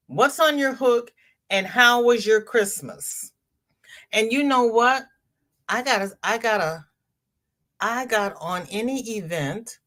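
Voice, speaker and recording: A woman's voice: medium pitch, a bit bright. An older woman hosting a crochet livestream, chatting casually, greeting viewers by name and repeating phrases for emphasis. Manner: chatty, reads viewer comments aloud and greets each viewer.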